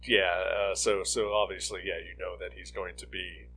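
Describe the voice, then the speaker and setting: Low-voiced man, halting podcast chat. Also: little pitch movement, fairly bright tone, husky, low-quality recording. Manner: halting, thinks aloud with many restarts. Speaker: podcast co-host. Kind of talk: casual movie chat.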